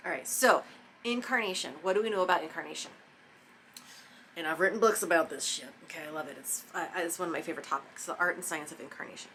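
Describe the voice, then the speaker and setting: Bright-toned, profane spiritual self-help woman. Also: lowish voice, fast, slight background noise. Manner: profane, emphatic, spontaneous, drops into soft mock whispers. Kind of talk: casual motivational monologue.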